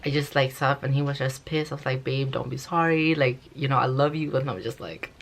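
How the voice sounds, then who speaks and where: A young woman vlogger casually tells a story, rambling, swearing and saying "like" constantly. Her bass voice is brisk and gravelly.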